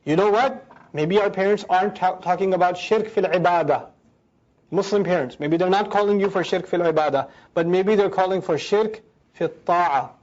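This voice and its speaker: A man's voice: high-pitched, moderate pace, darkish tone. A man giving a dramatic, emphatic lecture on Quran commentary, acting out dialogues, on a dull lo-fi recording.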